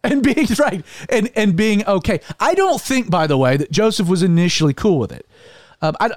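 A man hosting a casual religious discussion show, talking in an animated way with many fillers and restarts. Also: high voice, moderate pace, no echo, studio quality. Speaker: podcast host.

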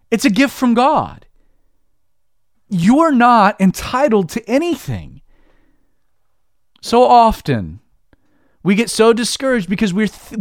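This man's voice sits high, captured with clean studio sound and no room tone. A Christian preacher, he delivers an informal devotional in a chatty way, frequently starting sentences over and saying "like" a lot.

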